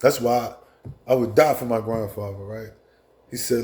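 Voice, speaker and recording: A man in his fifties, a show host, telling a personal story in a casual, profane way with halting restarts. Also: mid-range voice, mellow.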